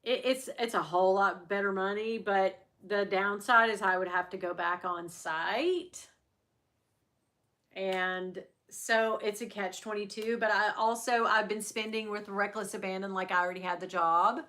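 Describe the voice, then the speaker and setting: A woman's voice: medium pitch, steady tone, measured pace, pushed and bright. A middle-aged woman hosting a livestream, chatting candidly with viewers and swearing freely. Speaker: luxury handbag livestream host. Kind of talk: casual livestream chat.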